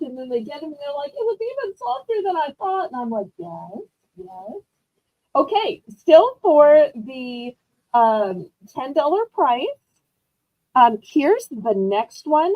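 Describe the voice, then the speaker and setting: Woman, auction host, high voice, gushing and upbeat, dry close sound. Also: dry recording, lo-fi sound. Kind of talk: live selling stream chat.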